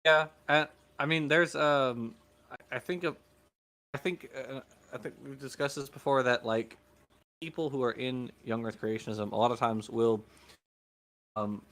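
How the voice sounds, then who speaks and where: A man co-hosting a casual livestream, talking hesitantly with many pauses and fillers. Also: medium pitch, fairly even intonation, a bit bright. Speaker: co-host.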